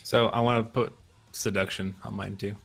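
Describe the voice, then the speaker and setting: A man's voice: on the low side, little pitch movement, moderate pace, vocal fry, fairly bright tone, slightly rough. A man joking around playfully as a player in a tabletop game. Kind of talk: casual tabletop game chat. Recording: faint music in the background.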